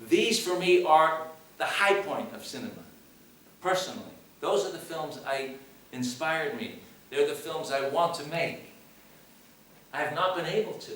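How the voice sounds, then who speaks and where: At a post-screening Q&A in a cinema hall, this US director's slightly high, slightly bright voice is expressive and measured. He presses his points with repetition and rhetorical questions, heard distantly in an echoey room with faint noise.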